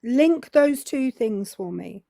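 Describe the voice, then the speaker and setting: A woman's voice: on the high side, lively intonation, slow, gravelly, dark tone, dry recording. A British-accented English woman in her forties, co-hosting a live call-in debate and pressing a caller with pointed questions. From England. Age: 40s. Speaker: co-host.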